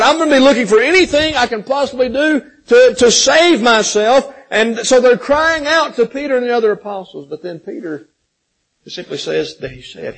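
A man preaching a sermon, swinging from loud pleading questions to hushed, gentle passages, calling listeners friends and repeating words as he builds. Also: extremely high pitch, poor audio. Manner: impassioned, rising and falling between loud pleading and hushed softness.

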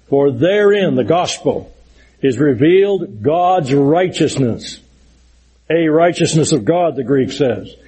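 Middle-aged man, preacher, Bible lesson; husky, mellow tone, earnest and emphatic. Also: fairly high pitch, poor audio. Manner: earnest, explanatory, emphatic with scripture quotes. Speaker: preacher teaching a Bible study. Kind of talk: sermon-style Bible lesson.

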